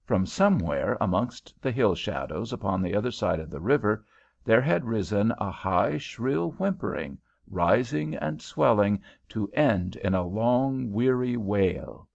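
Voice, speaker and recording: A male audiobook narrator with an expressive storytelling delivery. His low, gravelly voice moves widely in pitch, and the recording sounds dull. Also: measured pace.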